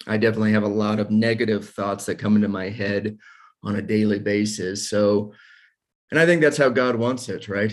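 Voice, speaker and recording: A man in his forties hosting a casual faith discussion, talking candidly and self-deprecatingly about his own struggles. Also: on the low side. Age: 40s.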